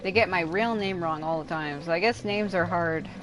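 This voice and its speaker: A woman's voice: on the low side, normal speed, music in the background. A woman streaming a video game, rambling and exasperated as she comments, swearing often. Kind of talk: casual live gameplay commentary.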